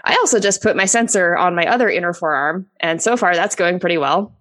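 A woman's voice: lowish voice, fairly quick, a bit bright. A woman in her thirties co-hosting a podcast, upbeat and organized in her chat. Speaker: podcast co-host.

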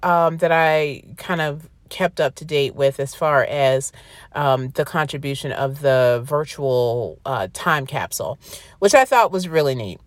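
A woman's voice: low voice, a little slow, no echo. Emotional chatty woman podcast host. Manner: emotional, apologetic, chatty with many restarts. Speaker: podcast host and classical singer. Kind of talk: casual podcast talk with read-aloud quotes.

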